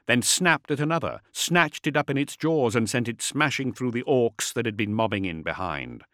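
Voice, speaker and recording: A male narrator reads with a dramatic, expressive delivery. His tone is bright and forceful. The recording is dry and close, with no room sound. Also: medium pitch, no room sound. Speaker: audiobook narrator. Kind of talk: scripted narration.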